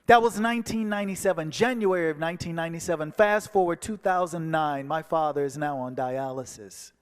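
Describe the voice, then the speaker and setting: A man giving a personal testimony as a guest speaker, telling his story and acting out the dialogue, moving from hushed passages to soaring ones. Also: on the high side, brisk, clear, resonant tone. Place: church sanctuary. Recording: long hall reverb.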